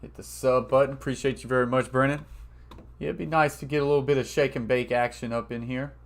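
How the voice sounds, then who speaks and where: A man hosting a live basketball watch-party stream, reading viewer comments aloud and thanking them, getting loud when donations come in. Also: mid-range voice, quick pace. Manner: reads chat messages aloud and thanks viewers, gets loud and excited over donations.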